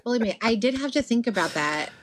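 Animated woman telling dating stories. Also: a little high, no room sound. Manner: animated storyteller, quick sarcastic asides. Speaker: podcast co-host. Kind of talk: casual chat.

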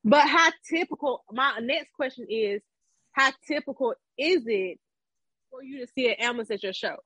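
A woman with a higher, husky voice talks bluntly in casual chat, restarting sentences and swearing now and then. Her voice sounds dry and close, with dull lo-fi audio. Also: normal speed, pushed and bright, no room sound. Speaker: podcast co-host.

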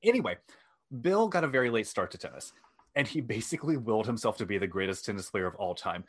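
A man with a somewhat low voice hosts a casual chat, walking his co-host through a story. He is wry and self-deprecating, and he sometimes reads aloud from his notes. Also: big pitch swings, fast talker, breathy edge. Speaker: podcast host.

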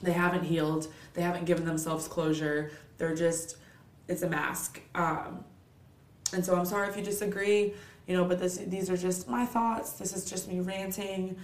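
A woman's voice: lowish voice, fairly even intonation, moderate pace, reverberant. Blunt, stuffy-nosed woman podcast host. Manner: candid, blunt, profane, motivational. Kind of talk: solo podcast rant.

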